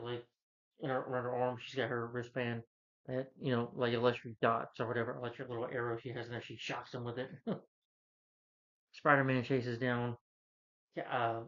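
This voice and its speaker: A man casually retells a movie's plot, full of fillers and quick quoted lines. His voice sits in the middle range. The recording sounds dull and lo-fi. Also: medium pitch, fairly bright tone. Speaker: movie reviewer. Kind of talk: casual film recap.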